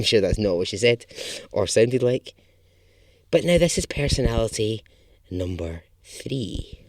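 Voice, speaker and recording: A man's voice: mid-range voice, animated, a little slow, darkish tone, no room sound, clean studio sound. A man hosting a podcast, telling a true story in a chatty, casual way and swearing now and then for emphasis.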